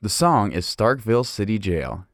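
A man's voice: on the low side, very animated, normal speed, dry recording, studio quality. A man co-hosting a music show, friendly, presenting his song pick and quizzing listeners. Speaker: co-host.

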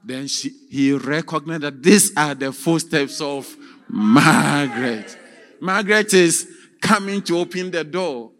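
A man preaching as a theatrical storyteller, with sudden shouts and sound effects. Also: fairly high pitch, measured pace. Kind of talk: dramatic sermon storytelling.

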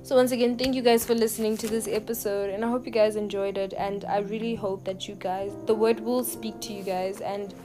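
A woman's voice: fairly high pitch, over music. Earnest woman giving a devotional message. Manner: earnest, encouraging, unhurried pauses. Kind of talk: devotional podcast exhortation.

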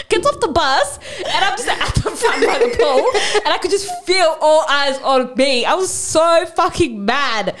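A woman's voice: high-pitched, a bit bright. A woman in her twenties, co-hosting a podcast, telling a story in casual chat, laughing often and swearing. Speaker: podcast co-host. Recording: noisy podcast recording.

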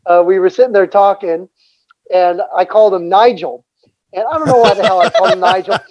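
A man's voice: high-pitched, brisk, darkish tone, dry recording. A male actor telling a rambling, self-deprecating story in a casual interview chat. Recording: dull lo-fi audio.

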